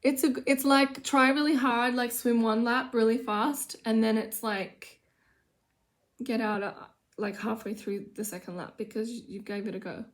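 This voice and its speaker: A woman's voice: on the high side, fairly even intonation, measured pace. A woman who has children, chatting loosely and self-mockingly while doing her makeup in her room at home. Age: adult with children. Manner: rambling, chatty, self-mocking, drops to mutters. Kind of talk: casual get-ready-with-me chat.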